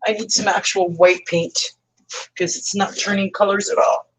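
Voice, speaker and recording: A woman's voice: medium pitch, steady tone, normal speed, breathy edge. A woman co-hosting a casual crafting livestream, rambling and joking about her painting mess. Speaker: co-host crafter.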